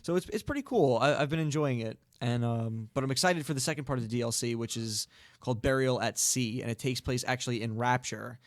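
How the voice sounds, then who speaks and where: A man rambles through a casual game chat on an internet radio show, full of ums and quick laughs. His voice sits at an ordinary middle pitch and is recorded close and dry, with no room sound. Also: dry recording. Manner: rambling, laughs often, many fillers. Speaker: co-host. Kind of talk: casual podcast chat about games.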